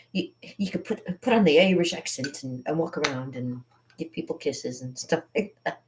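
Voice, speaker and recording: A woman's voice: low voice, moderate pace, darkish tone. A woman vlogging casually while doing her makeup, rambling and laughing often in a playful way. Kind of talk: casual makeup vlog chat.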